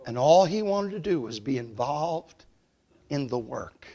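A man preaching a revival sermon in a church. He tells a story and swells loud and high at the climaxes, then drops soft at the closes. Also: very animated, measured pace, dull audio. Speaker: evangelist preacher. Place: church sanctuary.

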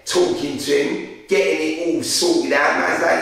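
Echoey, bright-voiced London man telling a story. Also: on the high side, moderate pace, creaky. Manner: slang-heavy, animated street storytelling. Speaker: interviewer. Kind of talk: casual storytelling. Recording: very echoey room, far from mic.

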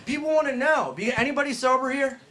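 A young man doing a stand-up warm-up set on a club stage, brash and teasing the crowd, with loud punchlines. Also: extremely high pitch, fast talker. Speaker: stand-up comedian warming up the crowd. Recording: noisy live club recording. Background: audience laughter.

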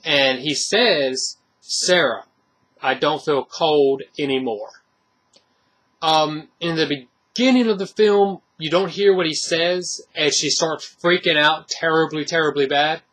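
A man's voice: a little high, a little slow, hardly any pauses, a bit bright. A man giving a casual, rambling spoken movie review, full of fillers and restarts.

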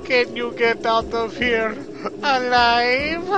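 A man voicing a creepy, taunting male ghost in a slow, drawn-out singsong, with video game music behind. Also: extremely high pitch, fairly even intonation, highs cut off, voice pushed up.

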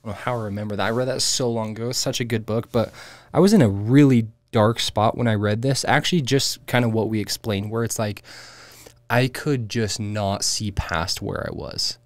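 A man co-hosting a podcast, in relaxed spiritual chat, dropping "dude" and "like" often. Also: on the low side, moderate pace, no room sound. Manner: relaxed, says "dude" and "like" a lot. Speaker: podcast co-host.

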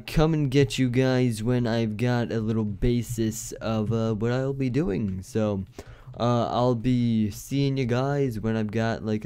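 A man's voice: mid-range voice, mellow, clean tone. A man giving casual game commentary, rambling with many fillers and restarts. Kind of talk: casual let's-play commentary.

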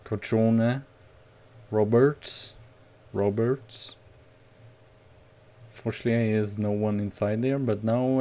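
A man streaming a football management game, commenting casually on each play with nervous excitement and sudden shouts. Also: on the low side, measured pace, vocal fry. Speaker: gaming streamer.

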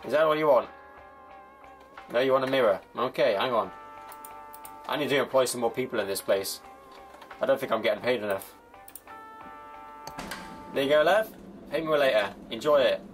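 A man's voice: mid-range voice, a bit bright. Chatty man playing shopkeeper. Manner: chatty, banters with game customers, mock shopkeeper voice. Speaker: gaming YouTuber. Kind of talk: comedic gameplay commentary.

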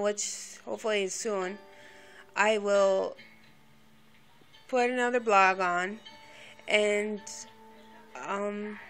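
A woman vlogging casually to her camera, rambling with many fillers and restarts in a fairly monotone voice. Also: medium pitch. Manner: monotone, by her own account; quiet, subdued and near a whisper. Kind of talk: casual home vlog talk.

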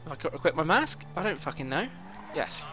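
A man's voice: on the high side, big pitch swings, rapid-fire, pushed and bright, husky, faint music behind. A young man commentating his own gameplay, swearing often and boiling over in frustrated outbursts. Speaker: gaming YouTuber.

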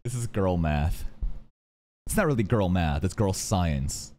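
Brief: male streamer, reaction commentary, lively swings in pitch, profane, quick asides. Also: slight background noise. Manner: animated, swears freely, jumps between high mock voices and low asides. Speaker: streamer reacting to an anime episode.

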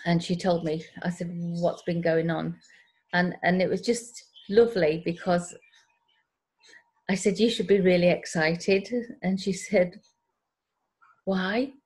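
A woman's voice: on the low side, steady tone, slow pace, pauses often, a little mellow, husky. A woman telling a rambling personal story in a casual group video call. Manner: rambling storyteller who acts out quoted voices. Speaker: group member sharing a story. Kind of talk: casual chat.

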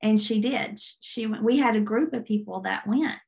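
A woman's voice: mid-range voice, normal speed, vocal fry, a little mellow. A woman minister giving an earnest testimony, retelling a dream vividly in a sermon. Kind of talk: sermon storytelling.

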